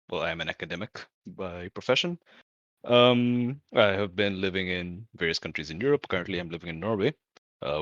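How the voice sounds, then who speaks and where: A man's voice: deep voice, fairly bright tone, no room sound, muffled recording. A man from Bangladesh introducing himself as a player in casual chat, with dry self-deprecating wit. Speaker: player, podcast editor.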